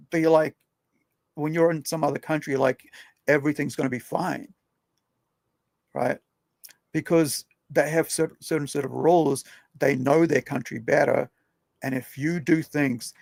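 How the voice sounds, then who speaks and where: With a fairly high, slightly mellow voice and some vocal fry, this young podcast host chats casually, telling meandering stories. He frequently tacks questions onto his sentences, and the recording has no echo.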